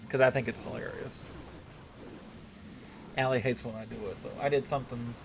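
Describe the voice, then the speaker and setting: A man with a mid-range, steady voice talks at a normal speed over slight background noise. He's hosting a gaming livestream and chatting loosely with viewers, rambling, swearing freely and often checking in with "right?" in casual talk with a live audience.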